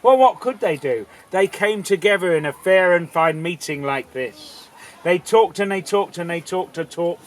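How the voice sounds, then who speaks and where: A man's voice: high-pitched, expressive, moderate pace, low-quality recording. A man telling a folk tale live to an audience, playful, theatrical and full of asides. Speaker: storyteller. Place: outdoor festival audience.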